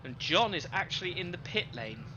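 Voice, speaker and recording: A man's voice: high voice, big pitch swings, brisk, highs cut off, soft background music. A man giving live sim racing commentary, chatty and running through the grid with asides. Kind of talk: live esports race commentary. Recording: loud game engine noise behind.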